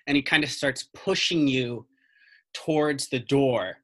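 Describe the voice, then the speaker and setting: A casual game master narrating a tabletop game. The voice is bright and the talk is loose, profane and full of restarts. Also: mid-range voice, fairly even intonation, a little slow.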